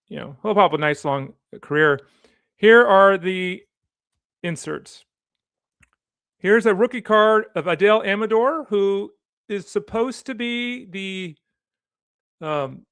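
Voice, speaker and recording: Sports show host guy, rambly and chatty, kinda high and gravelly. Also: fairly bright tone, no echo, studio quality. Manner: rambling, chatty, easily sidetracked. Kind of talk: casual chat while opening card packs.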